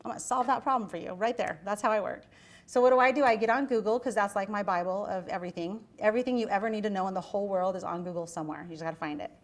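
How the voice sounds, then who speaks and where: A middle-aged woman giving a university lecture, telling a chatty story in an animated way and acting out the quoted voices. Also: mid-range voice, racing. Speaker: guest lecturer.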